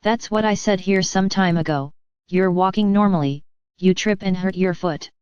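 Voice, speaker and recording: A woman giving a spiritual address to her listeners, speaking as a channeled messenger in a calm, measured, gently instructive way. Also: mid-range voice, clear, resonant tone, no room sound, dull audio.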